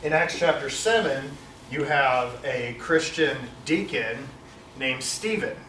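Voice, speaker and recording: A man's voice: mid-range voice, expressive, takes it slowly, bright, forceful tone. A man teaches a Bible study class, wandering through his points with many fillers and self-corrections. He is heard from some distance in a roomy, echoing space, with a faint hum behind him. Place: classroom with a large screen. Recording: echoey room, far from mic.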